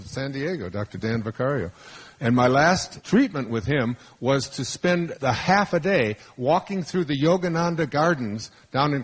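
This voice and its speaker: Husky older man telling stories. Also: mid-range voice. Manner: rambling, anecdotal, lots of restarts. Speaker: motivational speaker. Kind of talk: storytelling lecture to a live audience.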